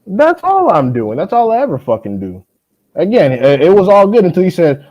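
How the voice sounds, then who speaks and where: A man's voice: wildly swooping pitch, moderate pace, darkish tone, poor audio. Profane young man ranting on a stream. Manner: profane, mocking, mimics others in high voices. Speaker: boxing stream host. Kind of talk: heated casual live-stream rant.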